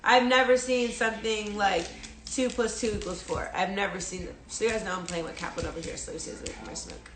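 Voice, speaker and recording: A woman's voice: mid-range voice, steady tone, brisk, reverberant. A young woman telling a personal story on a phone live stream, rambling with many fillers and restarts, casually swearing. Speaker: livestreamer.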